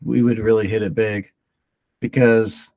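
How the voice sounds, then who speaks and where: A man's voice: on the low side, little pitch movement, measured pace, darkish tone, no room sound. A middle-aged man co-hosting a podcast, laid-back and brief in casual chat. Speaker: podcast co-host.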